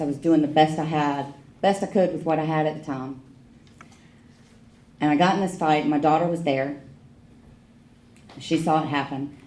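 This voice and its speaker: Low-voiced middle-aged woman telling her story. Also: dark tone. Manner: frank, wry storytelling with emotional emphasis. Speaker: AA speaker. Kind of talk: personal recovery story told to a meeting. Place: meeting hall. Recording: echoey meeting room.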